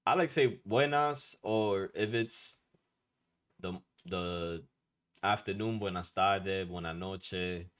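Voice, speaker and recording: Male teacher with a deep voice, loose and slangy, blunt, swears now and then, casual lesson delivery. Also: takes it slowly, a bit bright. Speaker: Spanish culture teacher.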